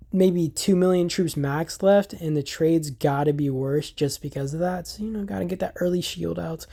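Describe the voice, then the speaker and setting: A man hosting a gaming channel, giving casual gameplay commentary in an excitable, exasperated way, often restarting his sentences and talking to viewers as guys. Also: fairly high pitch.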